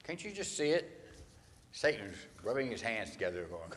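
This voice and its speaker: A man's voice: medium pitch, big pitch swings, fairly quick, in a large hall. A man, a pastor, preaching a morning sermon in a conversational, folksy, tongue-in-cheek way.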